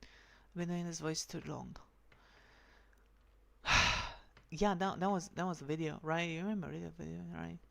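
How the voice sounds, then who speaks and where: A vlogger speaking in a slightly raspy feminine voice with a dry, sore throat, rambling and halting through a casual rant. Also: mid-range voice, steady tone. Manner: halting, full of restarts and fillers, profane.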